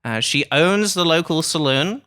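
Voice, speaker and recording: Male comedy podcast host, clear bright tone, meandering delivery. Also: on the high side, lively intonation. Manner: rambling, halting with fillers.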